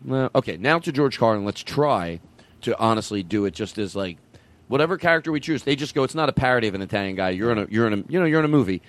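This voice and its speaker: A man hosting a comedy podcast, rambling and animated in loose banter, a studio mic with a light music bed. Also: mid-range voice, fast talker. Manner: rambling, animated, breaks into loud announcer hype. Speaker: podcast host. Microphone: studio microphone.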